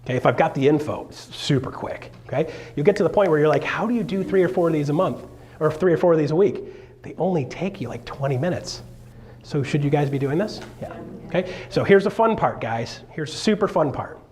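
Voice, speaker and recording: Energetic, joking man on stage. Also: fairly high pitch, fairly quick, a little hiss or hum. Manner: energetic, joking, with sudden loud bursts. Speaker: realtor giving a seminar talk. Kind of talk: live motivational seminar talk. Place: stage in front of a live audience.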